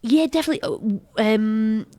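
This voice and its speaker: A woman with a Scottish accent who works as a local radio presenter, chatting in an interview in an animated way and fond of doing voices. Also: fairly high pitch, normal speed. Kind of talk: casual interview chat.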